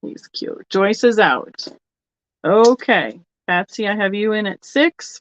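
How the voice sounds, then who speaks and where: In a relaxed live auction chat, a woman shows vintage items online, takes bids and thinks aloud. Her mid-range voice is expressive and slow-paced, captured with no room sound in slightly dull, lo-fi quality.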